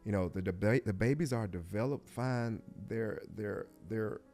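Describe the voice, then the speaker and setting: A middle-aged man, a guest on an interview show, telling a personal story in a reflective, heartfelt way that often drops to a hush and halts. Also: lowish voice, normal speed, soft background music.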